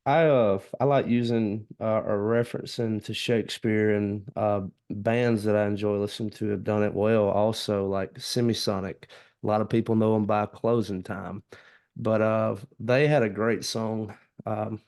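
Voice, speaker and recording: A man's voice: on the low side, darkish tone. A man hosting a casual podcast interview, laid-back and hesitant with many fillers. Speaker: podcast host.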